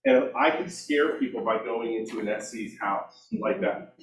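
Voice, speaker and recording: A man's voice: medium pitch, moderate pace. A middle-aged man leading a real estate team meeting, telling stories and acting out conversations. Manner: animated storytelling, acts out dialogue, self-mocking. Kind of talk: team meeting training talk. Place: meeting room. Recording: echoey room, distant mic.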